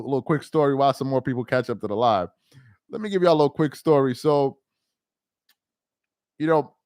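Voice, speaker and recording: An excitable young man chats on his live stream, laughing and repeating himself as he talks. His voice sits a little high for a man. The sound is dry and close, with no room echo. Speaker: live-stream basketball commentator. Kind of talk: casual live-stream chat.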